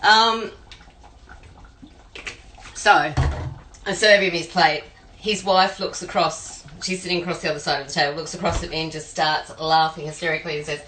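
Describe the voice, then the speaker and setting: An Australian woman who cooks for a living spins rambling stories during a chatty pie-making demo. Her voice is deep and a bit bright, at normal speed with long pauses, and the poor audio is reverberant with a little hiss or hum.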